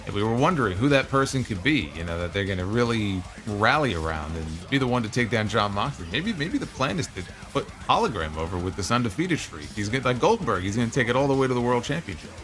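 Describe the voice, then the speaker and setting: A man co-hosting a casual chat show, animated and opinionated, laughing easily. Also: medium pitch, quick pace, hardly any pauses, faint music behind. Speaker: podcast co-host.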